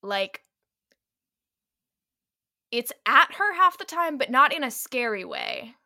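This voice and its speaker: A woman co-hosting a podcast, recapping a book in casual chat with animated, laughing asides. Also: high-pitched, takes it slowly, creaky, no room sound, clean studio sound. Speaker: podcast co-host.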